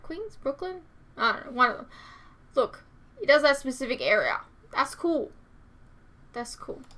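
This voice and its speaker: A woman's voice: on the high side, a bit bright. A young woman hosting a reaction channel, chatting casually with many fillers and reading out viewer comments.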